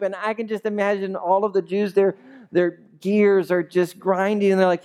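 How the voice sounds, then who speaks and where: Conversational, animated male pastor preaching. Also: high voice, moderate pace. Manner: conversational, animated, asks the congregation questions. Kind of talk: sermon. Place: church.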